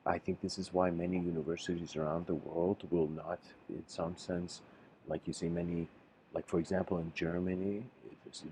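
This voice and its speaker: Deep-voiced man giving a halting spiritual talk. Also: warm tone, slight background noise, poor audio. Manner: halting, restarts often, musing. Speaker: lecturer. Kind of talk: livestreamed spiritual lecture.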